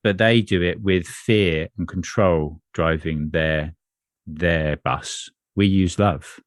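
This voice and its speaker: A man speaking as an energy coach in a spiritual conversation, earnest and measured, often repeating phrases. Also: low-pitched, dry recording, studio quality.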